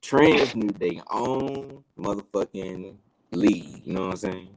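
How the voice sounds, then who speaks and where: A man's voice: on the low side, unhurried, low-quality recording. A young man co-hosting a podcast, emphatic and profane in casual chat, a little tipsy from drinking. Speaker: podcast co-host.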